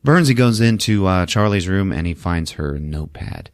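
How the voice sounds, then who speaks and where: A man's voice: low-pitched, lively intonation, moderate pace, no room sound, clean studio sound. A man hosting a podcast, recapping a movie in a loose, profane, chatty way full of fillers. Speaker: podcast host.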